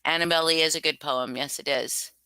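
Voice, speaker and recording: A woman's voice: sits low, steady tone, a little fast, pushed and bright, smooth. A woman hosting a casual livestream, chatting loosely with many fillers and restarts. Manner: rambling, filler-heavy, self-conscious. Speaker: livestream host reading stories.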